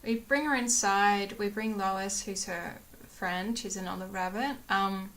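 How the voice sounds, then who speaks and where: A woman's voice: mid-range voice, a little slow, fairly bright tone. A young woman chatting casually to her camera at home, rambling with many fillers and acting out what others said. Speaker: vlogger.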